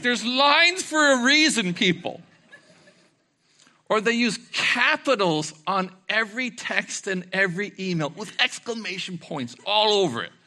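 A middle-aged man, a pastor, preaching a sermon with animated storytelling, acting out voices and laughing along the way. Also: high voice.

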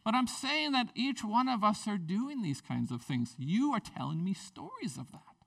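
Lively man preaching, bright voice. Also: sits high, normal speed, vocal fry, recorded from a distance. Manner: lively, wide swings between loud and quiet, playful asides. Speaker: pastor. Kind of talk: sermon. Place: church sanctuary.

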